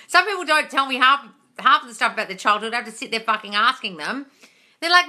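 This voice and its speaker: This woman's voice is on the high side, animated, fast, and pushed bright as she chats casually on a home livestream. Recorded on a phone mic, she answers viewers bluntly and swears freely.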